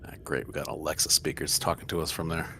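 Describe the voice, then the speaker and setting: Man, player, very deep voice, gravelly, methodical. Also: steady tone, quick pace, pushed and bright, a little hiss or hum. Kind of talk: casual tabletop game chat.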